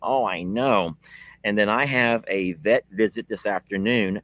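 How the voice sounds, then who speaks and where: A man's voice: lowish voice, unhurried, fairly bright tone, no echo. A man hosting a casual live video from his ranch, chatting with viewers and laughing often. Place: outdoors at a ranch.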